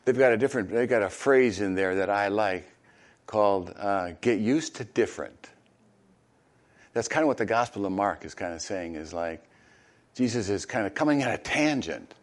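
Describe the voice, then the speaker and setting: An older man, a retired pastor, preaching a conversational sermon with halting fillers and bursts of animated storytelling. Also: on the low side. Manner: conversational, halting with fillers, animated when acting out crowd reactions.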